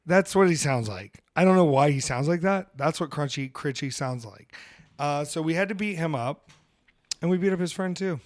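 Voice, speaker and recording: A man with a slightly higher voice tells rambling, jokey wrestling stories in loose podcast chat. The room is dry and close, with no echo around him. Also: normal speed. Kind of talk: casual chat.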